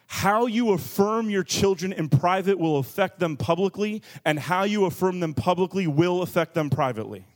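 Animated, joking preacher man. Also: high voice, moderate pace, hardly any pauses. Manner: lively, joking and emphatic, stressing key words. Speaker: pastor. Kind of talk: sermon.

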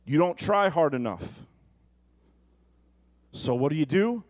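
A man with a voice on the high side preaches slowly, animated and conversational. He often asks the congregation questions.

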